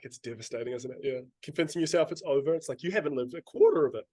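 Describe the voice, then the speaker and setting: This is a man hosting a casual podcast, with a voice pitched a bit high for a man. He is playful and swears freely, and he slips into mock quoted voices to tease his guest. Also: racing, mellow, no room sound. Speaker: podcast host. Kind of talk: casual chat.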